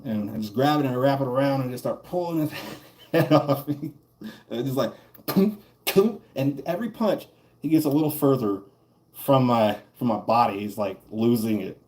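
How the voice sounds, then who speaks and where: A man's voice: mid-range voice, normal speed, darkish tone. A man streaming a game while telling a story in a casual, profane, rambling way, laughing between lines.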